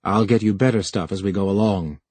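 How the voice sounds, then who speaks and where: Brief: narrator doing a young male official, husky, clipped and resentful, dry sound. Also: fairly low pitch, brisk, dry recording, pitched below the performer's own voice, close to an everyday voice. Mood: stern. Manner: bitter, sharp retorts. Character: young male time official, tense and defensive.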